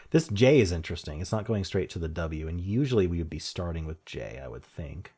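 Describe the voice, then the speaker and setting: Casually solving word puzzles on stream, a young man thinks out loud and chuckles at his own jokes. His voice sits low with a breathy edge.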